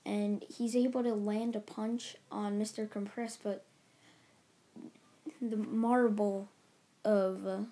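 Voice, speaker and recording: A woman's voice: medium pitch, flat delivery, slow, long pauses, warm tone. A woman casually retelling a story as a channel host, rambling along with restarts and filler words.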